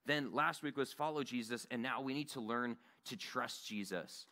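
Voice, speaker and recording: A man's voice: mid-range voice, moderate pace, bright, forceful tone. A man giving a sermon at a Bible study in a church meeting room, earnest and conversational.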